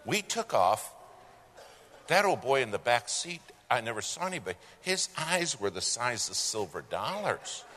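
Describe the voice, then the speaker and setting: Animated man telling a folksy story. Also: medium pitch, normal speed. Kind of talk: live anecdote storytelling. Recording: long hall reverb, faint noise.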